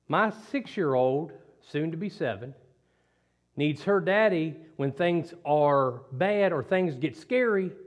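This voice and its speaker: Folksy high-voiced preacher man. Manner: folksy, conversational storyteller. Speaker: lay preacher. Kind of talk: sermon with storytelling and prayer. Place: home. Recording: dull lo-fi sound.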